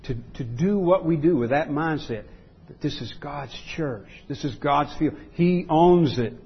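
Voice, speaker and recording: Male pastor, husky voice, emphatic sermon delivery with repeated phrases, dull lo-fi recording. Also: a little high, unhurried.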